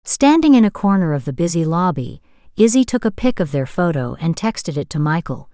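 A woman narrating a romance novel as an audiobook, in a smooth, steady storytelling manner. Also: fairly low pitch, brisk, no room sound, studio quality.

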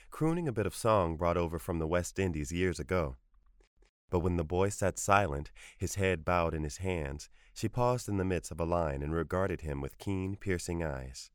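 A man narrates a short story in a very low, measured voice. The recording is dry and close with no room around it. His reading is even and unhurried. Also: no echo.

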